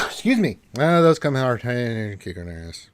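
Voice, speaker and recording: A man's voice: mid-range voice, sing-song, takes it slowly, pushed and bright, clear, resonant tone. Congested man hosting a gaming livestream. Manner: rambling, profane asides. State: congested from allergies, coughing. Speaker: livestream host. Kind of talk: casual livestream chat.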